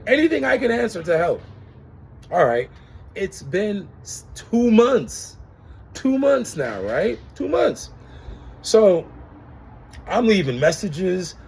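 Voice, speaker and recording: Young man, casual vlog rant, exasperated storytelling, lively swooping voice, fairly high. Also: vocal fry, a little hiss or hum. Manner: animated, exasperated storytelling with acted-out quotes. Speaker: customer reviewing an insurer.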